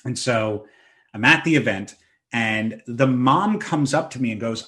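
Man, podcast host, animated storytelling, self-mocking, mid pitch. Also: a little slow. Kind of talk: casual storytelling chat.

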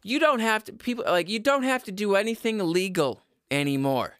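Young male podcast host, loud ranting delivery, bright forceful tone, close dry mic. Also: high-pitched, animated, fairly quick, dry recording. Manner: loud and yelling, rambling. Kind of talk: ranting comedy monologue. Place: home basement. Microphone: studio microphone.

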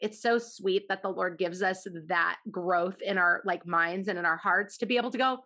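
A woman's voice: fairly low pitch, moderate pace, sharp tone. A woman hosting a casual chat, talking in an easygoing way and encouraging her guest.

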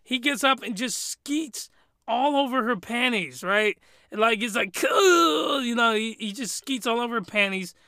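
A man hosting a casual solo podcast review, telling it in a crude, rambling, animated way into a podcast microphone. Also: high-pitched, dry recording, clean studio sound. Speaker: podcast host.

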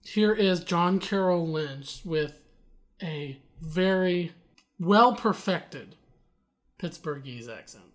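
A woman's voice: lowish voice, animated, takes it slowly. Opinionated woman podcast co-host. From Eastern Pennsylvania. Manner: explanatory, playfully opinionated, talks through laughs. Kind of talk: casual chat.

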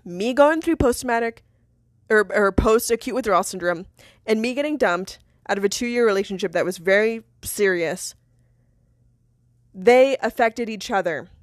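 A young woman hosting a podcast, telling a personal story in a candid, animated way, swearing and laughing between many fillers. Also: mid-range voice, no echo, clean studio sound. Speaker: podcast host.

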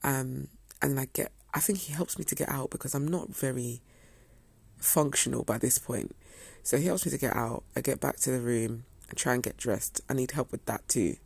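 A woman's voice: very deep voice, normal speed, gravelly, darkish tone, breathy edge, dry recording. A young woman telling a story to her viewers in a casual, chatty way. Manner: chatty, acts out quoted dialogue. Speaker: vlogger.

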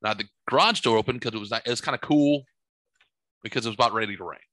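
A middle-aged man with a bright, forward voice tells a rambling story full of swearing. He talks animatedly in a casual podcast chat, and the sound is close and dry. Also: medium pitch, rapid-fire, no room sound. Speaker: podcast host. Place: home studio.

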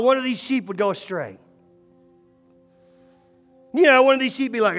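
A pastor preaching a sermon, moving between hushed, slow passages and rising, emphatic calls. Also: male voice, extremely high pitch, animated, soft background music. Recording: long hall reverb.

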